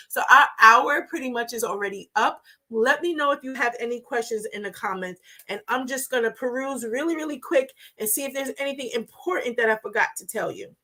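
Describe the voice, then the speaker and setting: An older woman with a New York accent, hosting a live-stream talk in a fast, chatty and enthusiastic way. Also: a little high, sharp tone. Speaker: host.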